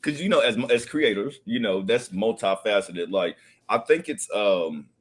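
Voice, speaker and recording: A young man with a Southern US accent hosting a podcast, joking loudly in slangy casual chat. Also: fairly low pitch, lively intonation, unhurried, breathy edge. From American South. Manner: loud, joking, slangy storytelling. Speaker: podcast host.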